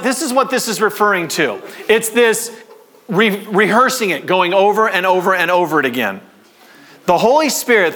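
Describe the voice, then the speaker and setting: A man preaching a sermon to his congregation in a church, conversational and animated, with call-and-response. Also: high voice. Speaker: pastor.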